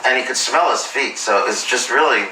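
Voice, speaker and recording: A halting, hesitant storyteller. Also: male voice, medium pitch, bright, forceful tone, distant mic, a little hiss or hum. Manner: halting, full of fillers and restarts. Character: hesitant man playing a famous director. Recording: roomy and off-mic.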